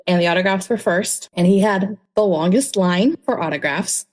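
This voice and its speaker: A woman guest on a casual podcast, telling stories in a lively, animated way. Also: medium pitch, moderate pace. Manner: lively storyteller, animated, laughs easily.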